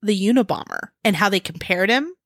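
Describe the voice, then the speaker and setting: A woman's voice: medium pitch, expressive, fairly quick, a bit bright, no echo, studio quality. Upbeat, chatty woman podcast co-host. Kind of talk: casual true-crime chat.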